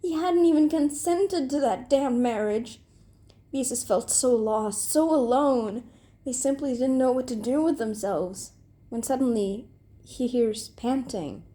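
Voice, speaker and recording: A young woman reading comic fan fiction aloud, deadpan with occasional giggles. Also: sits high, a little slow. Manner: breaks into giggles, deadpan delivery. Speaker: reader.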